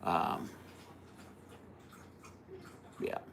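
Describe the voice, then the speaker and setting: A man's voice: takes it slowly, a bit bright. A man hosting a casual livestream, rambling through a story, laughing at his own jokes and answering viewer comments. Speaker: livestream host.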